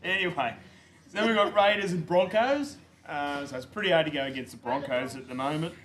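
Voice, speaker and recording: Bright high-voiced Australian man tipping footy. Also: fairly quick. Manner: laid-back, joking, runs through fixtures with fillers. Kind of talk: casual footy chat.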